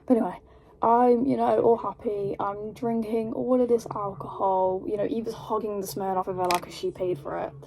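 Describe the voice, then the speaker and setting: A young British woman telling a story in a casual vlog, rambling and animated, with lots of fillers. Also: mid-range voice, moderate pace, a little hiss or hum. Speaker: vlogger.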